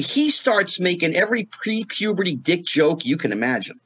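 A man's voice: on the high side, fairly quick, hardly any pauses, slightly rough. A middle-aged man, a guest in a casual interview, telling stories and acting out the voices of the people in them. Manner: animated storyteller acting out quoted voices.

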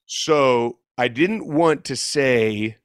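A man's voice: mid-range voice, extremely slow, clear, resonant tone, no echo, clean studio sound. A man in his fifties telling a long story in casual conversation, rambling and correcting himself, laughing as he goes. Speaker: guest musician.

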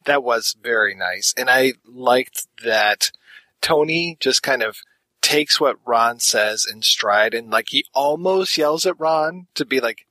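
A man co-hosting a podcast, chatting in a relaxed way about details he enjoyed. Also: medium pitch, unhurried, no echo, rough recording. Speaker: podcast co-host. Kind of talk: casual podcast discussion.

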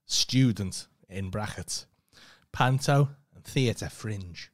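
A woman's voice: extremely low pitch, lively intonation, slow. A woman co-hosting a casual chat podcast, skeptical, teasing and sweary.

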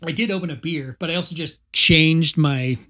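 A man's voice: a little high, moderate pace, pushed and bright, no room sound, studio quality. A man co-hosting a casual podcast chat, easygoing and joking. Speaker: podcast co-host.

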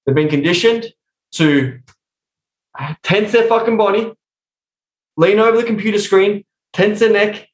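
A young adult man speaking as a coach in a casual podcast interview, swearing constantly as he tells animated stories. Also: sits high, unhurried, pauses often. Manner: profane, animated storytelling. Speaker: sex and intimacy coach, guest. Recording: roomy echo.

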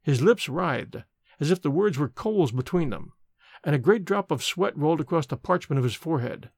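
A man's voice: a little high, expressive, normal speed, a little mellow, no room sound. Dramatic male storyteller, dry close sound. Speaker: narrator. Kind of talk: scripted narration.

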